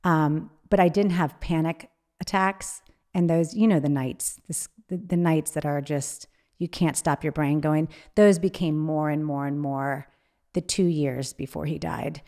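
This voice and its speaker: Emotional woman with a lowish voice. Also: fairly even intonation, mellow. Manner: emotional, halting, with frequent restarts. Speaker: guest, author. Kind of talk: candid interview conversation.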